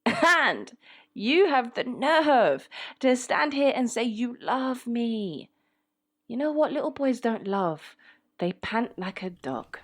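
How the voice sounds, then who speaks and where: A woman's voice: on the high side, very animated, slow, voice pushed up, full character voice. A podcast co-host playing a scornful woman who dumps her boyfriend, sarcastic and mocking.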